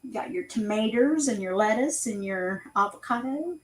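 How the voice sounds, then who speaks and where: A woman's voice: fairly high pitch, lively intonation, moderate pace, rough recording. Chatty woman, craft host. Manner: chatty, storytelling, laughs easily. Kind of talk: casual livestream chat.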